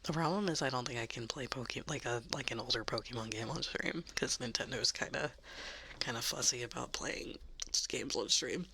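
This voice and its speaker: A woman streamer rambling through soft ASMR chat, giggling often and speaking close to a sensitive microphone. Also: very deep voice, normal speed, gravelly, noisy background.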